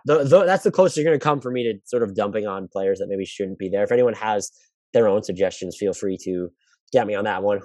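Podcast host, male, lowish pitch, dry booth sound, rambling analytical delivery. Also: a little mellow, dry recording. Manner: thinks aloud with frequent restarts and hedging. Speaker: basketball podcast host answering listener questions. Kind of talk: casual solo podcast analysis.

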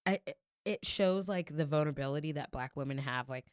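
A woman's voice: low voice, brisk, clean tone, no echo, studio quality. A young adult woman in a casual podcast chat, telling a story with lots of "like" fillers and free swearing. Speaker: podcast guest.

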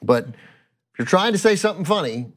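A man's voice: high-pitched, very animated, normal speed, fairly bright tone. A man co-hosting a casual comedic podcast, emphatic and repeating his phrases as he riffs. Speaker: podcast co-host.

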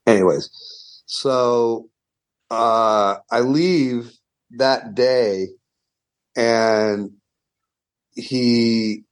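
A man's voice: medium pitch, extremely slow, pauses often. A middle-aged man, a guest guitarist, telling a story in a rambling, profane way full of restarts. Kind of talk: casual storytelling interview.

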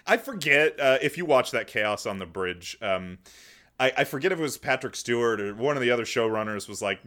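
A man's voice: medium pitch, lively intonation, normal speed, a bit bright. A man co-hosting a podcast in casual chat, laid-back, swearing casually and laughing often. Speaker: podcast co-host.

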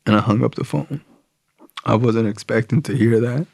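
A man's voice: mid-range voice, moderate pace, gravelly, darkish tone, no room sound, clean studio sound. A man casually telling his recovery story, slangy and profane, full of "like" and "bro".

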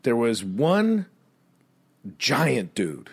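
A man co-hosting a podcast in casual chat, telling a rambling bar story and mimicking people in high squeaky voices. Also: huge pitch swings, extremely slow, breathy edge. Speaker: podcast co-host.

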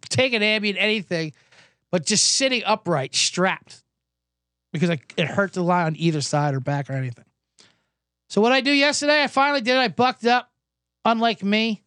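Indoors in Los Angeles, a man hosts a podcast and delivers a comedic, casual monologue, telling a rambling, self-deprecating story while recovering from a cough. His voice is high and fairly bright, with lively intonation at normal speed, recorded cleanly in a studio without echo.

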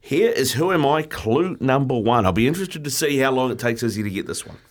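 A New radio host with a middle-pitched male voice, teasing his co-hosts in casual banter before running a quiz. He speaks in an easy, joking manner. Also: animated, fairly quick.

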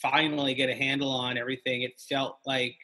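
A man, a comedian appearing as a podcast guest, speaks with a bright, forward tone. He talks in a halting way, full of restarts and filler words, as he chats casually. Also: mid-range voice, little pitch movement.

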